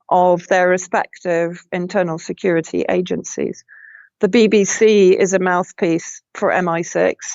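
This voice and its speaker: British lady journalist on an interview call, gravelly, kinda muffled dry line, keeps restarting sentences. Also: lowish voice, darkish tone, no room sound. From Britain. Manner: emphatic, restarts phrases often. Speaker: journalist guest. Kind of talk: remote interview conversation. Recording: slightly dull lo-fi line, dry.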